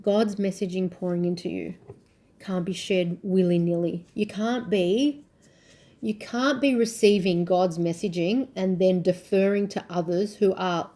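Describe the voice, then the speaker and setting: A woman's voice: mid-range voice, a little slow, warm tone. A woman reading tarot to camera, emphatic and thinking aloud, often repeating her phrases. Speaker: tarot reader.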